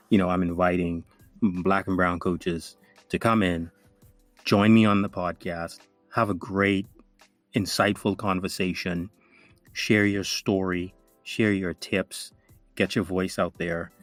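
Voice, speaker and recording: A man who hosts a podcast, speaking earnestly and warmly inviting guests to join. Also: low voice, fairly even intonation, a little slow, dry recording, soft background music. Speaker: podcast host. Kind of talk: casual podcast chat.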